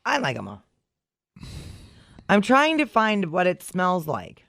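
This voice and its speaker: A man's voice: high voice, wildly swooping pitch, takes it slowly, gravelly, pushed and bright. A man co-hosting a morning radio show, cracking dry, blunt quips. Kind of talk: casual radio banter.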